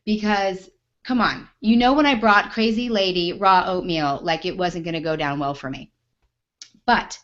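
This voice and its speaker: A woman host and business coach, telling a personal story in an emphatic, animated way with mild swearing for emphasis. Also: mid-range voice, lo-fi sound.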